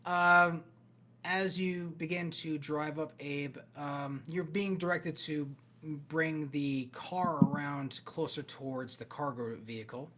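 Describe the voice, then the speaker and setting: A man running a cyberpunk tabletop game as game master, narrating scenes in a steady, descriptive way with pauses. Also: a little high, a little hiss or hum.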